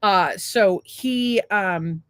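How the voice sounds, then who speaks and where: A woman's voice: mid-range voice, very slow, clear, resonant tone, no echo. A woman co-hosting a podcast, telling a long story in a casual, rambling, profane and self-mocking way. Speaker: podcast co-host.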